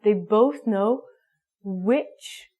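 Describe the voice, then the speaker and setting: A woman's voice: medium pitch, very slow, dark tone. A woman teaching an English grammar lesson, playful and emphatic, acting out little everyday scenes.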